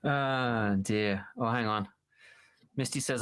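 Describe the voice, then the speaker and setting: A man hosting a casual interview, talking in a halting way with many fillers and frequent laughter. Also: lowish voice, fairly bright tone, no room sound. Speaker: interview host.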